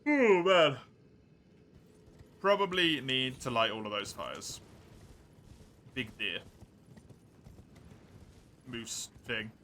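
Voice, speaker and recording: A man's voice: mid-range voice, animated, very slow, long pauses, sharp tone, a little hiss or hum. A male streamer giving chatty live gameplay commentary, reacting aloud and answering his chat.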